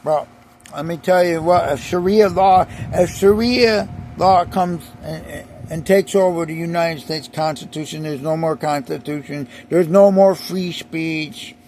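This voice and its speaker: A man's voice: a little high, a little slow, a little mellow, slight background noise. A man delivering an emphatic, repetitive ranting monologue, often restarting his sentences.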